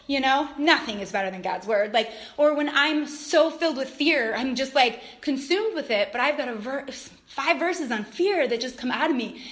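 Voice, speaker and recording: Chatty high-voiced middle-aged woman. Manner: chatty, laughs often, animated quoting. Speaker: mother and Christian speaker. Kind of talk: casual faith talk.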